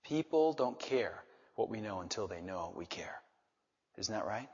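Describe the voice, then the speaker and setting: A man preaching a sermon with animated delivery, swinging from soft asides to loud emphasis, with a slightly husky voice. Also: on the low side, measured pace. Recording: dull reverberant hall sound.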